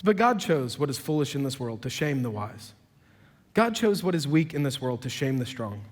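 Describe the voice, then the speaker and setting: A man preaching a sermon, telling dialogue in conversational voices and building to loud, emphatic peaks. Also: medium pitch, sing-song, moderate pace. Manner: quotes dialogue in conversational voices, self-described sarcastic. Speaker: pastor. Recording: long hall reverb.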